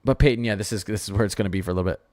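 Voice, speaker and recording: A man hosting a casual weather livestream, talking to his chat in an excitable, rambling way with lots of exclamations. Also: on the low side, racing.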